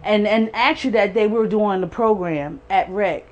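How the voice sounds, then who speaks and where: With a mid-range voice at a moderate pace, a woman in her forties gives a guest testimony, earnest and emphatic, voicing the words of others as she tells it. The recording is muffled, with a little hiss or hum.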